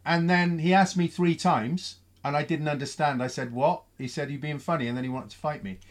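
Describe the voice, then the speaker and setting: A man hosting a live panel discussion. His voice sits a little high, and he talks in a chatty way, firing off one question after another to his guests. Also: fairly even intonation. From came to Bristol at thirteen. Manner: chatty, asks many quick questions. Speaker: discussion host.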